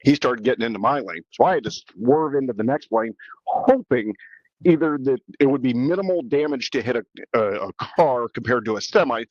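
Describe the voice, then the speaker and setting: A man's voice: medium pitch, lively intonation, a little fast, a little mellow, no room sound, dull audio. A man hosting a podcast and telling a story in a casual, rambling way, with many restarts. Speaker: podcast host.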